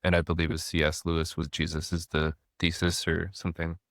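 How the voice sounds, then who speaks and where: Low-voiced male podcast host. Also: quick pace, no echo, clean studio sound. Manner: animated storyteller, frequent restarts. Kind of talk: casual conversation.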